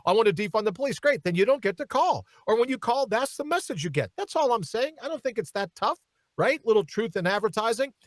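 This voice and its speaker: A man hosting a radio talk show, ranting in a sarcastic, animated way from a studio microphone. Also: very high-pitched, brisk, no room sound.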